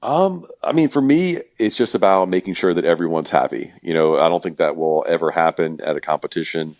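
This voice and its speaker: Very deep-voiced casual man. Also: quick pace, dry recording, clean studio sound. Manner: relaxed, joking, many fillers. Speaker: event organizer and guest. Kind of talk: casual podcast interview.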